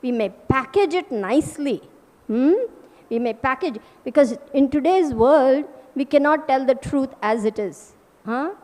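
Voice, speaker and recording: A woman's voice: sits high, unhurried, darkish tone, long reverb tail. A woman teacher giving a scripture class, emphatic and forthright, with rhetorical asides.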